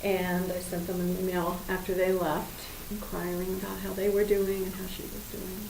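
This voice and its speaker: A woman's voice: on the low side, completely flat delivery, moderate pace. A woman in a training group answering the leader in a plain, matter-of-fact way, heard from across the room. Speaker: training participant. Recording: echoey, noisy, far from the mic.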